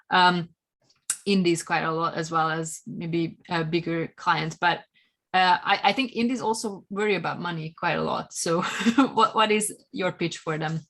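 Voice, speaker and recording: A woman's voice: on the low side, vocal fry, a bit bright. A woman on a panel, asking a guest a polite question with some hesitation.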